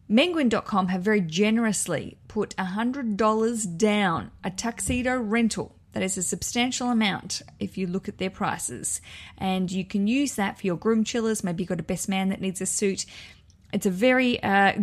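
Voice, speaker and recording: Young woman rambling happily on her podcast, bubbly, keeps catching her own slips. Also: mid-range voice. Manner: chatty and enthusiastic, self-correcting asides. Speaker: podcast host. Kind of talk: casual podcast chat.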